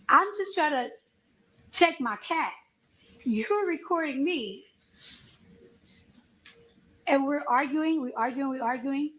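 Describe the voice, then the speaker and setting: Animated woman testifying in an echoey courtroom. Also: high-pitched. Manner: animated, slangy retelling with acted-out quotes. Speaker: trial witness testifying. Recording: echoey courtroom with faint noise.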